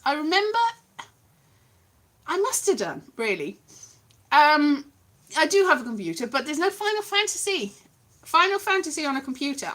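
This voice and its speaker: A woman chatting casually to camera in a playful, silly vlog. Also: high voice. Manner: playful, animated, silly asides. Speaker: vlogger.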